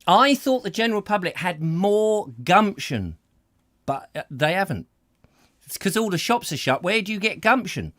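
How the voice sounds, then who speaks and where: A man's voice: sits high, very animated, moderate pace, a bit bright, dry recording, studio quality. A man with a southern English accent hosting a casual comedy chat show. He talks in a rambling, jokey, self-mocking way. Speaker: host.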